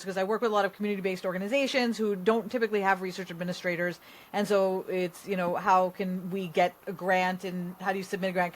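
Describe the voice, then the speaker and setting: A woman hosting a podcast, speaking thoughtfully and searching for the right words. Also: mid-range voice. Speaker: podcast host. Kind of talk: casual conversation.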